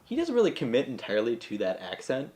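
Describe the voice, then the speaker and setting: Male podcast co-host, joking and rambling through casual movie banter, with a mid-pitched voice that rises and falls widely. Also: huge pitch swings, fast talker, darkish tone.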